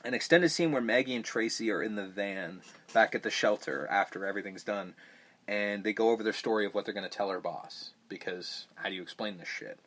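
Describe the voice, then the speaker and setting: A man hosting a podcast, chatting casually about a film in a rambling, profane way that gets animated when he mocks scenes. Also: on the low side, brisk. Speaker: podcast host. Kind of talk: casual movie review chat.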